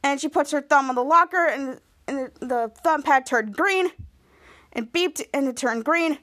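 A podcast host with a high, bright voice recaps a TV episode at normal speed in casual chat. Her retelling rambles and restarts mid-sentence, piling "and then" on "and then" as she acts out quoted lines.

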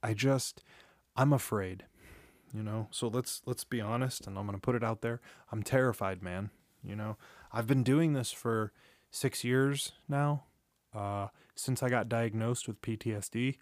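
Unhurried and mid-range, a man in his thirties talks alone on his podcast, recorded on a studio microphone in studio quality with no room sound. It's a candid, rambling confession full of swearing and restarted sentences, and he's tired enough to yawn.

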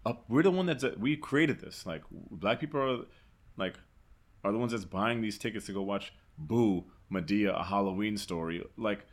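A man's voice: on the low side, animated, normal speed, a little hiss or hum. A man in a casual podcast conversation, arguing animatedly and swearing often.

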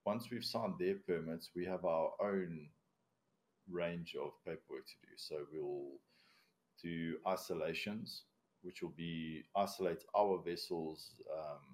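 A commercial diver with a non-native English accent and a low-pitched voice explains procedures step by step on a casual podcast interview, speaking bluntly and swearing casually.

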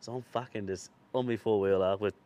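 A man's voice: lowish voice, fairly even intonation, brisk, mellow. A man hosting a podcast, telling a long, rambling anecdote in casual chat, swearing freely and laughing through his stories. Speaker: podcast host.

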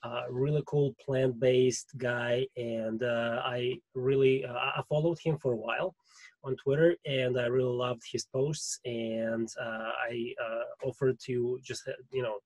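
A man's voice: medium pitch, a little slow, no room sound, poor audio. Hesitant Russian-accented man hosting. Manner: relaxed, rambling, hesitant. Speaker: podcast host. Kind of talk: casual video-call conversation. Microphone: video call.

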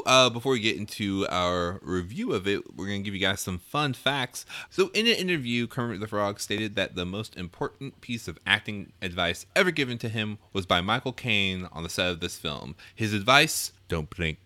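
A man co-hosting a casual movie chat in a low, bright, forceful voice. He sounds jokey and enthusiastic. The sound is dry and close. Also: dry recording. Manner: jokey and enthusiastic, laughs between remarks. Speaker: podcast co-host.

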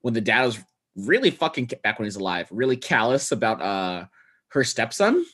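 A man's voice: mid-range voice, sing-song, normal speed, a bit bright, husky. A man co-hosting a podcast, recapping a movie in rambling, profane casual chat full of fillers and restarts. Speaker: podcast co-host.

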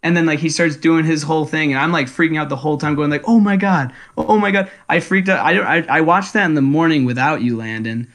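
A young man co-hosting a casual podcast, telling stories excitedly and laughing as he goes. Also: a little high, fast talker, hardly any pauses. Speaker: podcast co-host. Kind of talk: casual chat.

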